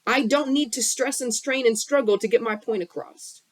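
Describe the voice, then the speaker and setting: Her voice leans high and moves at a normal speed, with a dry phone recording. She's a spiritual coach live-streaming from her bedroom, giving a heated, straight-talking healing speech full of swearing.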